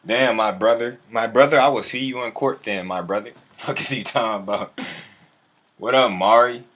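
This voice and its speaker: A man's voice: medium pitch, moderate pace, fairly bright tone. A man chatting loosely with viewers on a livestream, full of profane slang and answering their comments as they come in. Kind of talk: casual livestream chat.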